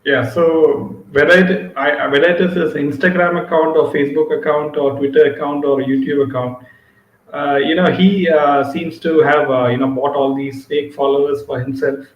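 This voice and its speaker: A man's voice: on the high side, fairly even intonation, normal speed, lo-fi sound. Hesitant questioning man in a roomy room. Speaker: guest. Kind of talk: casual discussion.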